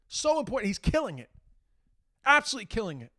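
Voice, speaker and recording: An Irish man talks through a solo podcast rant, his voice riding high for a man. He sounds exasperated and heated, swearing freely and slipping into mocking impressions as he goes. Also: sing-song, fast talker, sharp tone. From Ireland. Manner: heated, exasperated, profane, mocks quoted speech. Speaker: podcast host. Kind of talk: casual monologue rant.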